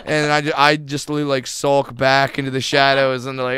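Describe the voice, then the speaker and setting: A man, a comedian guest, telling stories in a casual interview, animated and laughing, acting out other people's voices. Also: fairly high pitch, moderate pace, hardly any pauses.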